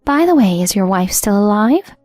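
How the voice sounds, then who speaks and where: A woman voicing a high-pitched, scheming young mistress speaking over the phone, eager and gushing. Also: very animated, normal speed, a little mellow, dry recording, soft background music.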